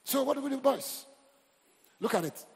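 Animated Nigerian pastor, gravelly and lively. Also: male voice, extremely high pitch, normal speed. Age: middle-aged. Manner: animated, humorous, exhorting the crowd. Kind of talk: sermon. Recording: reverberant hall.

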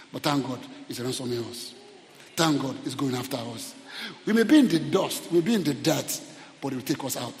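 A man preaching a fervent sermon in a church auditorium, calling out to the congregation and rising to shouted peaks. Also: a little high, in a large hall. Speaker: pastor.

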